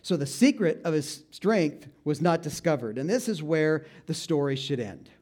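A male pastor preaching a sermon, animated and joking, with asides and laughter between Bible readings. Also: on the high side, normal speed.

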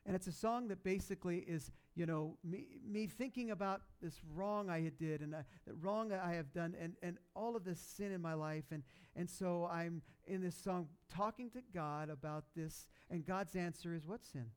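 Guy preaching, chatty storyteller, slightly high voice, gets loud and then goes soft. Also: normal speed, hardly any pauses, clear, resonant tone. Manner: animated storytelling, loud and rising when excited, soft and low at sad moments; conversational, with many fillers and restarts. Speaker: pastor. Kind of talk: sermon storytelling.

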